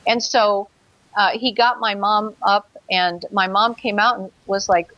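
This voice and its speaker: A woman's voice: medium pitch, steady tone, unhurried, no room sound, highs cut off. A woman guest in a talk show interview, telling a personal story earnestly and vividly, with hesitant fillers.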